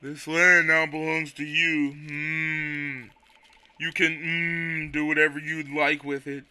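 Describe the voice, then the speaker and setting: A man's voice: fairly high pitch, level tone, sharp tone, clear, resonant tone, dry recording, full character voice. A man doing Quagsire, a drowsy humming drawl. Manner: very slow drawl with long humming pauses. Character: slow, drowsy male Quagsire land keeper. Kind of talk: voice acting while reading game dialogue.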